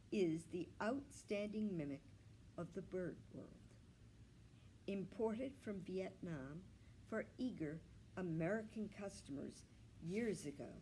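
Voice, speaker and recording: Gentle woman reading a storybook aloud. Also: on the low side, slight background noise, rough recording. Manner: gentle, expressive. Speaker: children's librarian.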